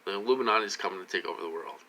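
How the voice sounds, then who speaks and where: A slightly tipsy vlogger rambles to camera very fast in a repetitive monologue full of restarts, lurching between loud outbursts and low muttering. There is a little hiss or hum.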